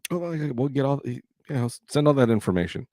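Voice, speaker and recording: Lively, joking man hosting a stream. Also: mid-range voice, fast, dry recording, studio quality. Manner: joking, teasing banter. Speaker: host of a live sketching stream. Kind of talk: casual chat on a livestream.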